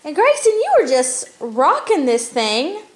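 Young mother, high voice, tired and chatty, sing-song with the kids, home vlog. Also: wildly swooping pitch, measured pace. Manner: chatty, sing-song talk to her toddler. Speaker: mother vlogging family life. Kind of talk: casual home vlog chat. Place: family home.

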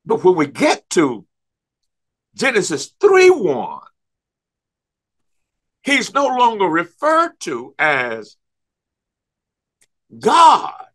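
Emphatic, husky-voiced man teaching Bible study. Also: high-pitched, wildly swooping pitch, a bit bright. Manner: emphatic, repeats words and stumbles on restarts; stretches key words slowly for emphasis. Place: church.

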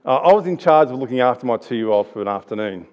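A man's voice: mid-range voice, lively intonation, fast, darkish tone, lo-fi sound. A man in his thirties with an Australian accent, giving a chatty, anecdotal church sermon with restarts. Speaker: preacher.

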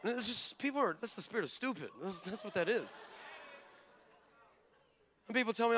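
A male pastor preaching a sermon, telling stories with lively energy, acting out the people in them, and bursting into shouts. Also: sits high, fast talker, long pauses. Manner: acts out the people in his stories.

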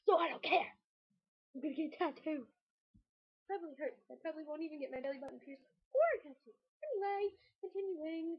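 Super high-pitched teen girl rambling giggly vlog chat, muffled lo-fi audio. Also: expressive, fast talker. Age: late teens. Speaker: vlogger. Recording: dull lo-fi home video audio.

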